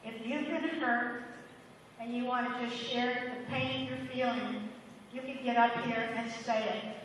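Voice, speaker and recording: A woman's voice: on the high side, steady tone, a little slow. A woman giving an earnest motivational speech at a school assembly, often repeating her urgings to the students. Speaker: motivational speaker. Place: large echoing hall. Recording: echoey hall, far from the mic, faint hiss.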